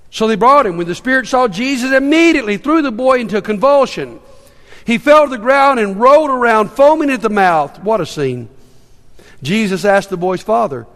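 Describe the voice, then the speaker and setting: A man's voice: extremely high pitch, expressive, brisk, a bit bright. A man preaching a sermon to an audience, earnest and often repeating his words as he goes. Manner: earnest, with stammered repetitions. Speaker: pastor. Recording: long reverb in a large hall.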